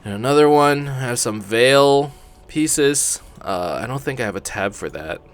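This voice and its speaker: A man's voice: medium pitch, expressive, unhurried, faint music behind. A man hosting a gaming channel, giving laid-back commentary as he plays, thinking aloud and swearing casually.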